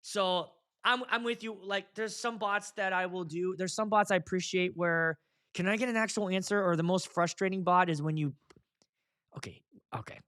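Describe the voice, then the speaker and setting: A man hosting a casual podcast, telling stories in an animated, profane, comic ranting way. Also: high voice, moderate pace, clear, resonant tone. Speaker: podcast host, wedding DJ.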